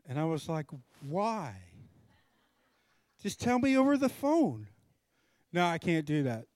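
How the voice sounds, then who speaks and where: A middle-aged man preaching with a storyteller's flair, acting out every voice in his anecdote. His voice sits at a middle pitch and swings between hushed asides and sudden loud bursts. The recording is close and dry, with no room around it. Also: takes it slowly, no echo. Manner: animated storyteller, acts out both sides of dialogue. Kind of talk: storytelling sermon.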